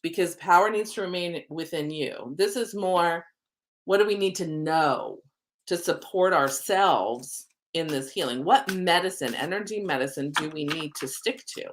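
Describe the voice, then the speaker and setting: A woman's voice: on the low side, moderate pace, hardly any pauses. Chatty woman host, oracle card reader, upbeat and rambling on a livestream. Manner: chatty, rambling, frequent ums; spiritual, upbeat. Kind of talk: live-streamed card reading.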